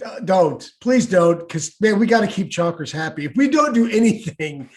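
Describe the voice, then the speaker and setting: A man co-hosting a comedy podcast, joking in an excitable way and often shouting. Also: high-pitched, normal speed. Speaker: podcast co-host. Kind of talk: casual comedic chat.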